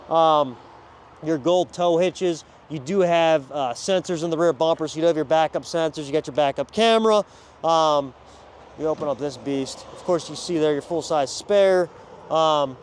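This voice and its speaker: Guy on a car lot hyping up jeeps, chatty and upbeat, kinda high voice, outdoors. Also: slight background noise. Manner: energetic, chatty, addresses viewers as guys. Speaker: car salesman at a dealership. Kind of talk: casual vehicle walkaround.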